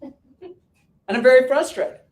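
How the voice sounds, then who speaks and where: Animated storytelling man in a roomy space. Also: takes it slowly. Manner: animated, joking, self-mocking storyteller. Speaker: business coach and speaker. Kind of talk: storytelling talk to an audience. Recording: roomy and distant with faint rumble.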